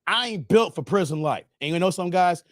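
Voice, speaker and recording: A man in his forties from the Chicago area in the United States hosts a casual livestream, joking in a slangy, emphatic way and laughing often. His voice is high-pitched, expressive, and a little fast, recorded at studio quality with no echo.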